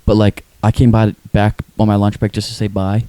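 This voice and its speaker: A male podcast host from Westchester, New York, rattles off a rambling story at a quick clip, swearing freely. His tone is dark and mellow. The close mic gives a dry sound. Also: fairly low pitch, monotone, smooth, no room sound. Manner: rambling, profane, fast. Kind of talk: casual storytelling.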